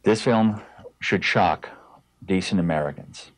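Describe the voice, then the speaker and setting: A man giving formal commentary with slow, weighty emphasis. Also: low voice, background noise. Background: music.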